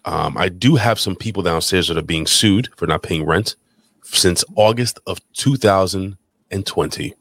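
A man hosting a live podcast, reading out chat shout-outs in a loose, crude showman style. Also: deep voice, moderate pace, no echo, clean studio sound. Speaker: podcast host. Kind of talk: casual live podcast banter.

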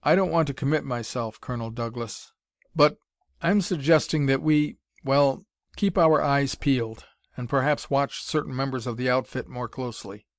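Brief: man voicing a blunt young pilot, gruff, pitched up a touch. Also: normal speed, no room sound, studio quality, close to an everyday voice. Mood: earnest. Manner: gruff, forthright. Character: young squadron leader, blunt and dutiful.

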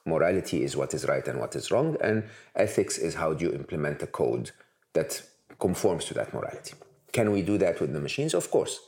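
A man's voice: extremely low pitch, sing-song, a little fast, darkish tone. A man answering interview questions at length, emphatic and building points through repeated lists. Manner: emphatic, repetitive lists for effect. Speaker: interview guest.

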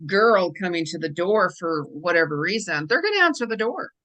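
Female podcast host, slightly low voice, chatty, dry close sound. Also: sing-song, fairly bright tone, dry recording. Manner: chatty, quick to laugh along. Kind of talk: casual interview.

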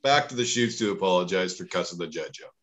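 Male co-host, laid-back and agreeable, slightly low voice, casual chat. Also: expressive, fast, a bit bright. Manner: easygoing, agreeable, short replies. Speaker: podcast co-host.

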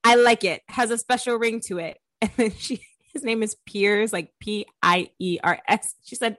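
A woman's voice: mid-range voice, measured pace, fairly bright tone, no echo. Woman, podcast co-host, casual chat, wry, dry recording. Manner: reads tweets aloud, wry.

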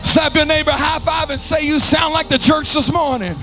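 A pastor in his forties preaching a sermon in a church, shouting in a sing-song cadence. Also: extremely high pitch, fairly even intonation, moderate pace, soft background music. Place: church sanctuary.

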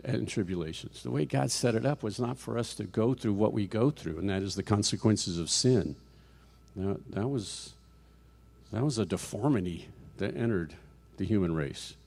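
In a church sanctuary, a middle-aged guest speaker preaches a conversational sermon in a lowish, slightly rough and mellow voice with vocal fry. He restarts his sentences often and poses rhetorical questions to the congregation.

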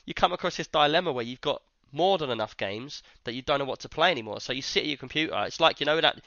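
Male host, casual rambling chat, bright and quick. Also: fairly high pitch, dry recording, muffled recording. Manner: rambling, jokey storytelling. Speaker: podcast host.

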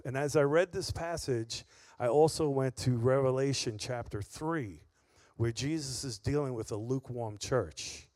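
A man's voice: medium pitch, a little slow, a little mellow, no echo. A man preaching a sermon in an earnest, emphatic way, repeating key phrases for weight. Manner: earnest, emphatic, with heavy repetition.

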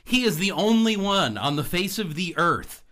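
Lively, laughing sports radio co-host. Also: male voice, high-pitched, moderate pace. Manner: animated storytelling with laughs.

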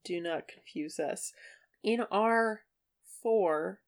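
A woman's voice: mid-range voice, very slow. A woman co-hosting a casual podcast chat, talking in a loose, chatty way with many fillers, and sometimes reading passages aloud. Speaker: podcast co-host.

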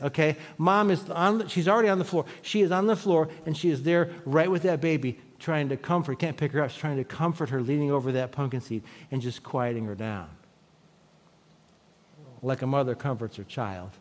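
Male pastor, chatty sermon delivery, slightly higher voice, hall reverb. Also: darkish tone. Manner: conversational, asks the congregation questions.

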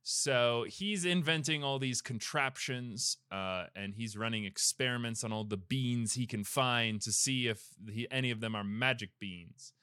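A man hosting a podcast, casually retelling a film plot in a rambling way, with lots of fillers and quick asides. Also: mid-range voice, pushed and bright, smooth, no echo, clean studio sound. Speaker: podcast host. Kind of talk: casual movie recap chat.

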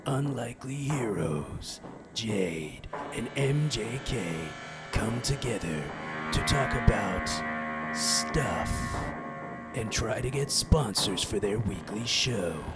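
A man's voice: lively intonation, takes it slowly. A man doing a dramatic movie-trailer style intro voice-over for a podcast. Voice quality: deep dramatic trailer delivery. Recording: music bed behind voice.

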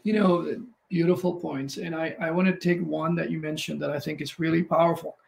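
Man co-host, high and gravelly, slow and reflective in casual talk. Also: fairly even intonation. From United States. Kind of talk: casual conversation.

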